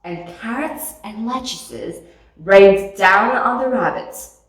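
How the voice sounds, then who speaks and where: A woman reading a picture book aloud with slow, expressive storytelling. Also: mid-range voice, distant mic. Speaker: storybook reader. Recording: echoey room, voice off mic.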